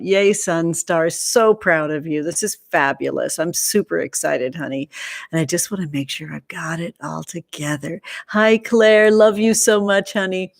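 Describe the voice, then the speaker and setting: A woman with a fairly low voice hosts a casual livestream chat. She gushes over each viewer by name and showers them with endearments like honey and sweetie. Her voice sounds dry and close, with no room echo. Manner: gushing and affectionate, calling viewers honey and sweetie. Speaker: host greeting livestream viewers.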